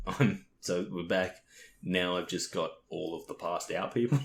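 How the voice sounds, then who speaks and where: A man's voice: sits low, a little slow, vocal fry. A young man co-hosting a podcast, telling stories in casual chat, laughing often, swearing and acting out the other people in his stories. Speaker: podcast co-host. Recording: roomy echo with faint noise.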